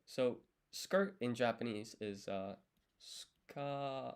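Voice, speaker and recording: Here a young language learner studies on a live stream, his lowish voice a little slow. He casually thinks aloud, counting strokes while writing and explaining each step with patience.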